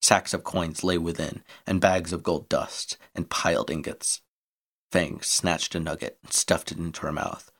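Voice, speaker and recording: A man reading an adventure story aloud in steady scripted narration. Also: sits low, measured pace.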